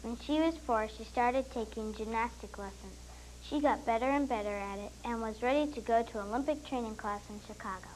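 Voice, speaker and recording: A woman's voice: fairly high pitch, fairly quick, darkish tone, slight background noise, low-quality recording. A third-grade girl reading her own story aloud in a careful, plain way. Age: child.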